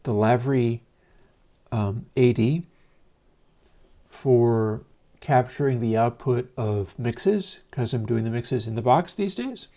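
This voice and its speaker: A man hosting a livestream from his home studio, talking in a meandering, casual way with many pauses and fillers. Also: mid-range voice, mellow. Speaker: livestream host. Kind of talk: casual rambling monologue.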